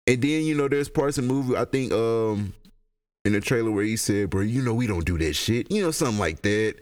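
Rambling stoned young man, lively voice. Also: fairly low pitch, brisk. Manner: rambling, profane, laughs a lot. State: high. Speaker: podcast host. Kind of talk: casual solo podcast rant.

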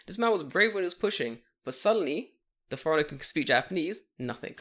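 A young man telling a long story in casual chat, profane and animated, acting out what people said. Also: on the high side, quick pace. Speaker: podcast co-host telling a story.

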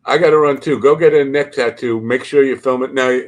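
A man's voice: medium pitch, steady tone, fairly quick. A man hosting a podcast, chatting casually in a rambling, crude, joking way. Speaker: podcast host. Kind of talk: casual chat.

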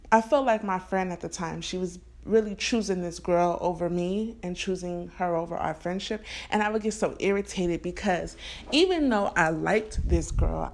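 A twenty-something Californian woman with a lowish, creaky voice tells a personal story directly to the camera. She's a storyteller vlogger doing a candid storytime monologue, frank and full of slang, and she laughs a lot.

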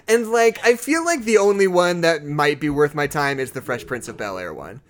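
Wry low-voiced woman podcaster. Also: lively intonation, moderate pace. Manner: wry, dismissive, jokey. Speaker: podcast co-host. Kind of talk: casual podcast chat.

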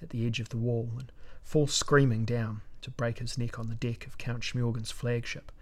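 A man narrating a fantasy battle story in a measured, dramatic audiobook reading. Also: medium pitch, little pitch movement.

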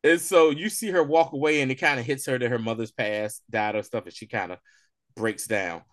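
A man's voice: mid-range voice, brisk, a bit bright, no room sound, clean studio sound. A man casually recapping a TV episode on a review show, retelling scenes with slang and lots of "she was like", often laughing mid-sentence. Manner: laughs often while talking. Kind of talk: casual spoiler-review chat.

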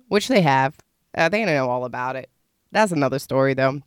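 A woman's voice: extremely low pitch, lively intonation, a little fast, clean tone. A woman hosting her own show, talking frankly and casually with lots of fillers and laughs. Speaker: host. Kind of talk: casual candid advice monologue.

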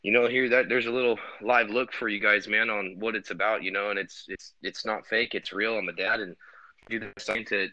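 A man's voice: fairly low pitch, fairly even intonation, brisk, sharp tone, dry recording, muffled recording. A man hosting a podcast remotely from his home, talking in a loose, rambling way with many restarts and fillers. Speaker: podcast host. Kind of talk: casual chat. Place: home bedroom. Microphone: remote recording.

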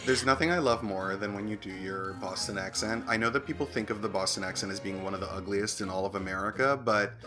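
A man's voice: fairly low pitch, fast talker, hardly any pauses, music in the background. A man co-hosting a casual chat show, trading wry, teasing quips. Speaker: podcast co-host.

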